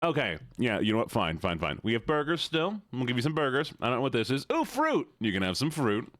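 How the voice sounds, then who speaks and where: A playful male streamer chatting casually with his viewers and teasing them. His pitch swings widely from line to line, and the sound is dry and close. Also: wildly swooping pitch, a little fast, fairly bright tone, no echo. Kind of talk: casual live-stream chat.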